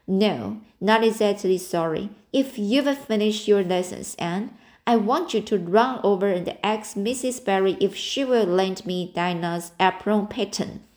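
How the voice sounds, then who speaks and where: A woman reading the part of a stern, practical older spinster in an audiobook, in a brisk, scolding manner. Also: medium pitch, darkish tone, natural voice.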